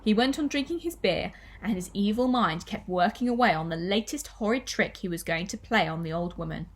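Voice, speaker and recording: A woman primary school teacher reading a children's story aloud with expressive storytelling. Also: mid-range voice, brisk.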